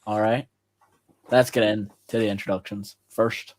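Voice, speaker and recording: A man's voice: lowish voice, fairly even intonation, measured pace. A young man hosting a wrestling show, with a playful, teasing, mock-grandiose delivery. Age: young adult. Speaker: host. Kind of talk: casual wrestling show banter.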